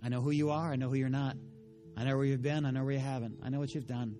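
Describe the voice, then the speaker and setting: A pastor preaching a sermon, retelling a story in voices and building to loud, passionate preaching. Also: male voice, mid-range voice, level tone, fast, over music.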